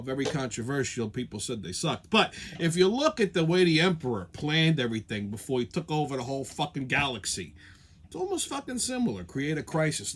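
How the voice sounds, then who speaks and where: Animated, profane male comedic ranter. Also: medium pitch, a little hiss or hum. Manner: profane, sarcastic and rambling. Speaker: show host. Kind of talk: comedic rant.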